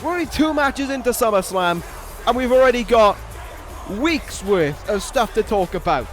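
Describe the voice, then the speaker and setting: A high-voiced man calls a wrestling video game play-by-play, flipping from dry sarcasm to shouts of disbelief. He swears casually as he talks. Faint game music plays behind him. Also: moderate pace. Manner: excitable, swings from dry sarcasm to stunned shouting.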